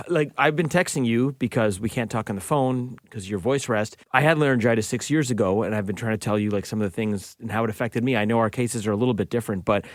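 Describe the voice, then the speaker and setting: A man's voice: mid-range voice, fast, few pauses, no echo. A man co-hosting a morning radio show. His voice sits in an ordinary middle register, recorded dry and close in the studio. He teases his co-host and acts out the voices in his stories. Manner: animated storyteller, playful teasing. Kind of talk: casual morning show chat.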